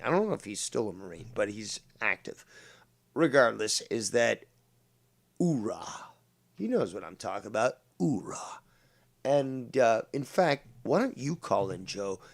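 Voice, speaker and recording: A man hosting a heated livestream talk show, loud and profane, swinging between shouting and low muttering. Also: vocal fry. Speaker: show host.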